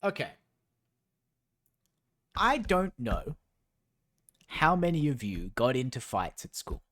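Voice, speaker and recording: A man reads a novel aloud on stream and keeps stopping to mock it with dry sarcasm. He talks at an unhurried, drawn-out pace and wanders off into long, rambling tangents. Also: mid-range voice, sing-song, a bit bright. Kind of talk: reading aloud with sarcastic commentary.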